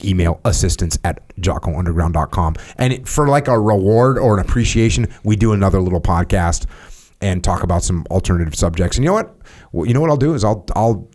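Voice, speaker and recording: A man's voice: low-pitched, lively intonation, fast talker, few pauses, darkish tone. A man hosting a podcast, talking bluntly and casually, reading sponsor plugs and teasing his guest. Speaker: podcast host. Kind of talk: casual podcast chat with ad reads.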